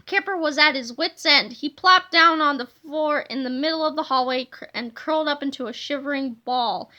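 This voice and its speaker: Lady reading a kids book out loud, high voice, lively. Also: brisk, hardly any pauses. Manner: animated storybook reading. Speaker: reader. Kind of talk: reading a children's book aloud.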